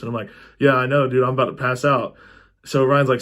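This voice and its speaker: A young man telling a personal story in a casual, animated way, swearing freely and acting out what people said. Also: medium pitch, quick pace. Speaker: storytelling vlogger.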